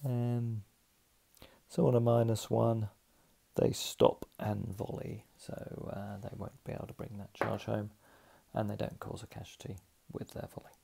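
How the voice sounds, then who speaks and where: A man works through a tabletop battle roll by roll, thinking aloud as he tallies the results. His voice is deeply gravelly and husky, with a dark, mellow tone. He talks in an unhurried, methodical way. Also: little pitch movement. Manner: methodical, thinks aloud while tallying dice rolls. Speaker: tabletop wargame player narrating a solo game. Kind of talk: casual play-by-play narration.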